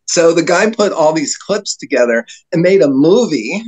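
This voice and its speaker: Rambling storytelling man, slightly high. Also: lively intonation, moderate pace, darkish tone, low-quality recording. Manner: rambling anecdotes with frequent fillers and laughs. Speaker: podcast guest. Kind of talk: storytelling in casual chat.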